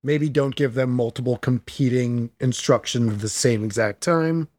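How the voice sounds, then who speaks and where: A man with a mid-range voice speaks in a relaxed way during a casual chat. He steps in to sum up the point plainly for listeners. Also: medium pitch, moderate pace.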